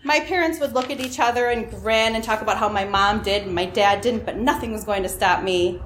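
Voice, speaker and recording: A woman's voice: medium pitch, brisk, fairly bright tone, reverberant, slight background noise. A woman telling a personal story to an audience, wry and self-mocking, often laughing at her own lines.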